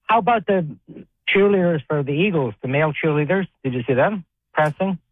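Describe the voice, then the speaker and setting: A man's voice: fairly high pitch, brisk, no room sound. A man calling a radio show for casual sports chat, firing off questions. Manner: chatty, fires off questions. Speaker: caller. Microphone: telephone. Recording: phone line, dry.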